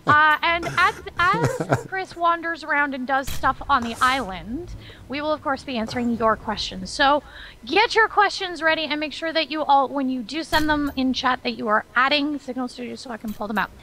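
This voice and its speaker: A woman's voice: sits high, moderate pace, pushed and bright, a little hiss or hum, rough recording. A woman hosting a developer livestream as community manager, chatty and upbeat. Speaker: community manager and stream host. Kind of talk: casual livestream chat.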